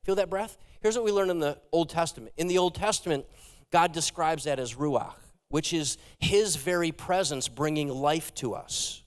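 A man preaching a sermon as a pastor, animated and talking straight to his congregation. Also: fairly high pitch, normal speed. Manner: animated, engages the congregation directly. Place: church sanctuary. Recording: long hall reverb.

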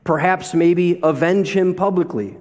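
A man's voice: sits high, unhurried, darkish tone. A man preaching a sermon as a pastor, telling stories and asking the listeners rhetorical questions. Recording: long reverb of a large hall.

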